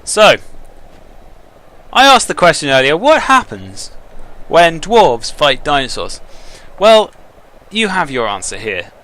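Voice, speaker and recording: Excitable man trash-talking over a game. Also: fairly high pitch, takes it slowly. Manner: excitable, taunting trash talk. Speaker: gaming commentator. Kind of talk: let's-play commentary.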